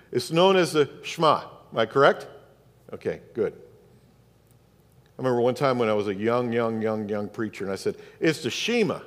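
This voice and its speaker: A pastor with a Southern US accent preaching a sermon, asking rhetorical questions and repeating phrases for emphasis. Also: male voice, mid-range voice. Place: church sanctuary. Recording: long reverb of a church hall.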